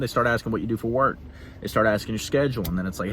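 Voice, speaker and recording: A man's voice: on the low side, fairly bright tone, a little hiss or hum. A young man vlogging in an earnest talking-head monologue, emphatic and repeating himself for stress. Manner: emphatic, repeats phrases, quick laughs.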